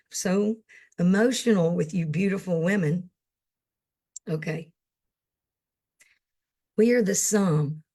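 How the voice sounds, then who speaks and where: Slow, gravelly-voiced woman speaker. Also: on the low side, darkish tone. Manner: emotional, slow and earnest. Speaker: summit speaker. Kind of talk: heartfelt closing remarks.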